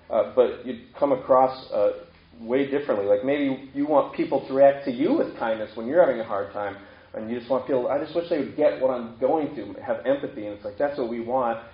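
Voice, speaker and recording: Conversational male pastor, echoey room. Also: medium pitch. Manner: conversational preaching with rhetorical questions. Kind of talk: sermon. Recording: echoey room, dull lo-fi sound.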